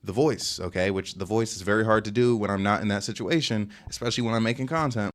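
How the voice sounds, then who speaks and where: Fast-talking, rambling young man. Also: fairly low pitch, animated. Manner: fast, rambling, slangy and boastful. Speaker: streamer telling a dating story. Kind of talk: casual storytime rant. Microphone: webcam setup at home.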